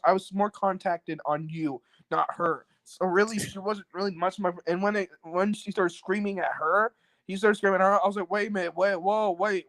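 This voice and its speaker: As a guest on a talk show, a man tells a story casually, rambling, cursing, and packing in fillers while acting out what other people said. His voice is high-pitched, and the audio is poor though free of echo.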